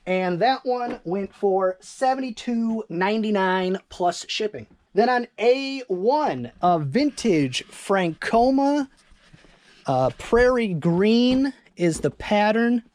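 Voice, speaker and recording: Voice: mid-range voice, expressive, takes it slowly. A chatty eBay reseller from northern Michigan, rambling casually through their sales while moving around a home storage room. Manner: rambling, chatty, self-deprecating. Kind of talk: casual vlog.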